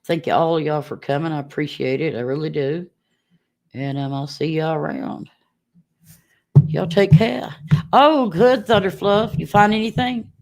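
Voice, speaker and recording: A woman's voice: low-pitched, measured pace, darkish tone. A middle-aged woman chatting casually with viewers on a livestream, telling stories and laughing often.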